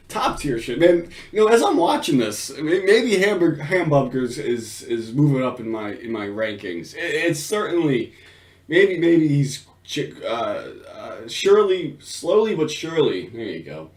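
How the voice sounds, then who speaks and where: A man reacts to a video in loose, casual commentary. He swears freely and keeps breaking into laughter. His pitch swings widely as he talks. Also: sing-song, moderate pace. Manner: crude, laughs a lot, swears.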